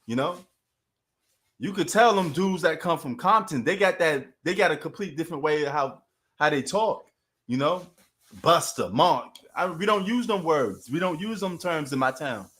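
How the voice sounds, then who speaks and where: High-voiced New York man ranting casually. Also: moderate pace. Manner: animated, street slang, talks to chat. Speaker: sports live-stream host. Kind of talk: casual live-stream chat.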